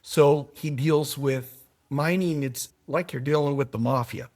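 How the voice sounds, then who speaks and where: Middle-aged male guest with a fairly high voice, lively and emphatic, drops low for asides. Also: a little slow. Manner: animated storytelling, swings from soft asides to emphatic peaks. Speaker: podcast guest, foundation manager. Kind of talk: conversational podcast interview.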